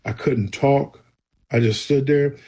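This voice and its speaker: Husky man telling his story. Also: medium pitch, takes it slowly, mellow. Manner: storytelling, earnest and emphatic. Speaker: guest. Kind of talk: personal testimony in conversation.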